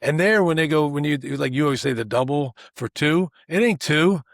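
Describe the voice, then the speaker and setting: A man's voice: a little high, normal speed, dry recording, studio quality. A man co-hosting a podcast in casual chat, with a loose, "you know"-filled way of talking. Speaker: podcast co-host.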